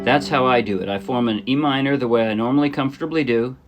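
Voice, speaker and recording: A man of ordinary pitch walks through a ukulele song in a loose, thinking-aloud lesson, correcting himself as he goes. His ukulele rings out loudly under his voice. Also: fast, over loud music. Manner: relaxed, thinking aloud, with fillers and self-corrections. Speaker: ukulele teacher. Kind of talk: casual step-by-step music lesson.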